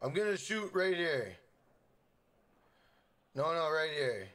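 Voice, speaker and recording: A man's voice: on the high side, very animated, takes it slowly. A young man from Minnesota live streaming a game, chatting casually, swearing freely and hyping up his chat. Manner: hyped, profane, shouts out chat members.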